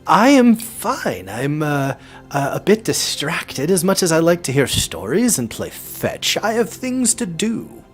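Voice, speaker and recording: A man voicing a polite, gentle male treant, a courteous tree creature who is a little distracted. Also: on the high side, sing-song, measured pace, faint music behind, pitched above the performer's own voice. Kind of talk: tabletop role-play voicing.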